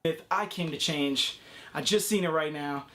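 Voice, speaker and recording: A male promoter doing a loud hype introduction. He chants repeated phrases and pumps up a new video with energy. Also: fairly high pitch, normal speed. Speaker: hip hop promoter. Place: bedroom.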